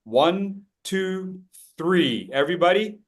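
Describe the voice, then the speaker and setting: A man's voice: sits high, expressive, slow. A man presenting a public speaking workshop, joking with the audience and leading group drills. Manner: playful, jokey, leads group drills.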